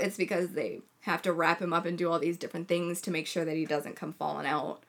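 A young woman chatting casually as a podcast co-host, telling a blunt, heavily sworn, animated story. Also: lowish voice, fast, hardly any pauses. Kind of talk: casual chat.

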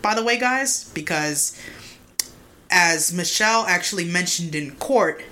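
A woman's voice: on the low side, animated, unhurried, bright, forceful tone. A young woman co-hosting a podcast, retelling a true-crime case in a loose, profane chat full of "like" and "mind you". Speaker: podcast co-host.

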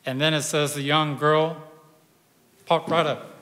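Slow, bright male preacher in a reverberant hall. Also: fairly high pitch, flat delivery. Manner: storytelling, dramatic pauses, drops to a hush. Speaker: pastor. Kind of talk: sermon.

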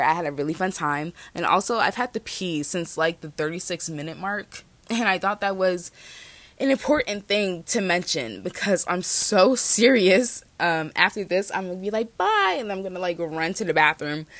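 A woman's voice: lowish voice, moderate pace, dry recording. A young woman in her twenties hosting a casual solo podcast, bubbly and rambling, peppering her talk with "like". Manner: bubbly, rambling, heavy use of "like". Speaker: podcast host.

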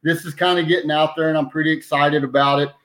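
A podcast guest from New Mexico who organizes citizen petitions tells stories casually, in a folksy, rambling, chatty way, and keeps repeating "anyway." His slightly high voice is level, fast, and fairly bright, and the recording is rough.

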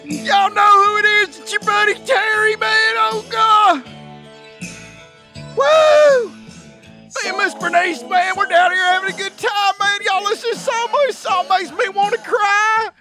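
A man's voice: extremely high pitch, measured pace, music in the background, pitched above the performer's own voice. A man voicing Terry, an overexcited, foul-mouthed grown man who rambles, yelps and curses in a comedy bit. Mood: hyped. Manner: hyper, yelping, rambling and cursing. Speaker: regular character.

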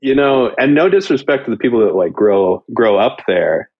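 A man from Canada hosting a casual podcast chat, animated and laughing, often dropping into mock voices. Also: medium pitch, moderate pace, highs cut off. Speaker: podcast host.

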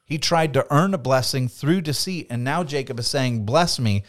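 A man's voice: mid-range voice, normal speed. A man co-hosting a Bible discussion podcast who explains scripture earnestly and with animation, acting out the quotes he cites. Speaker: podcast co-host.

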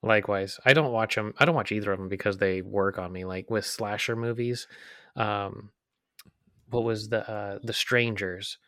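In a casual podcast chat, a male co-host rambles along, leaning on "like" and other fillers. He speaks at a normal pace, low-ish and fairly even, with a fairly bright tone. The studio sound is clean, without any room sound.

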